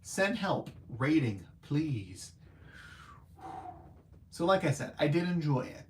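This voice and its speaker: A man hosting a casual live-stream movie review, chatty and animated, with lots of filler words and playful self-mocking asides. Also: on the high side, slow, slight background noise.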